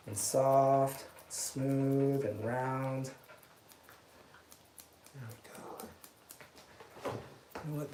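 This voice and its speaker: A man's voice: mid-range voice, reverberant, slight background noise. Chatty man grooming a dog. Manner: rambling, self-mocking, laughs at his own jokes. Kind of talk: casual livestream chat while grooming.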